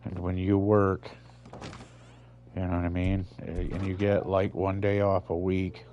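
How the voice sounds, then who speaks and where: A man's voice: deep voice, monotone, a little slow, muffled recording, a little hiss or hum. A man giving casual, profane, rambling commentary while playing a video game, hosting his own channel. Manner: profane, rambling, laid-back. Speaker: gaming channel host.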